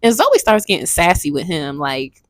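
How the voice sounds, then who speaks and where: A woman's voice: fairly low pitch, sing-song, moderate pace, no room sound, clean studio sound. A woman in her twenties chatting casually and frankly about a book she read, rambling and swearing now and then. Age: 20s. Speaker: book reviewer. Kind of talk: casual book review chat.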